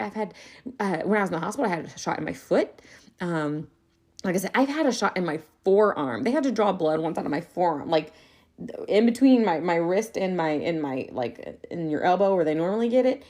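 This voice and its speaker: A young adult woman hosting a podcast, telling a story in a chatty, animated way and calling her listeners "y'all.". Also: medium pitch, fairly quick. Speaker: podcast host. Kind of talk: casual storytelling monologue.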